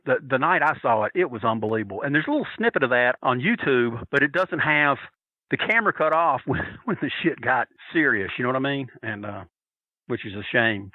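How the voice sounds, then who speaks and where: A man's voice: mid-range voice, no echo. A man telling stories in a casual podcast chat, acting out the quoted lines of the people in them. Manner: animated, acts out quoted voices. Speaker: podcast guest. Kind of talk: casual storytelling. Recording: tinny phone-line audio.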